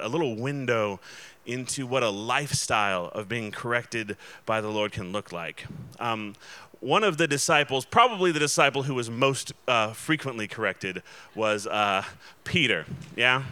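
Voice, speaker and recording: Bright, clear-voiced man preaching casually. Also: mid-range voice. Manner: casual and chatty, many fillers and restarts, checks in with the audience. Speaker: pastor. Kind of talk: conversational sermon.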